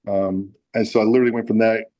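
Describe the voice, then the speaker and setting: A man's voice: fairly low pitch, level tone, fast, darkish tone, lo-fi sound. A man guest in a casual interview, telling a story with lots of fillers and acted-out quotes. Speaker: musician guest.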